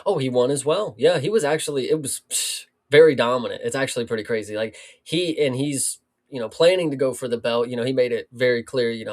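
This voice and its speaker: A man's voice: mid-range voice, quick pace. A man co-hosting a casual sports talk show, rambling with lots of fillers and restarts. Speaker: podcast co-host. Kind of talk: casual chat.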